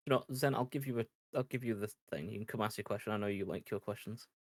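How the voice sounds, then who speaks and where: A man's voice: on the low side, quick pace, no room sound, clean studio sound. A man hosting an online meeting, hesitant and casual, calling people up to speak. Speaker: meeting host.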